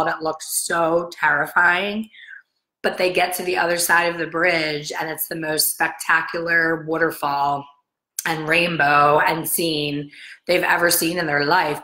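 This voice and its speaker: A middle-aged salon owner talks straight to camera in a casual, blunt, motivational way. Her voice sits low but comes out bright and forceful. She is chatty and animated, and she acts out the people she quotes. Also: poor audio. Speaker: salon owner and hair colorist coach.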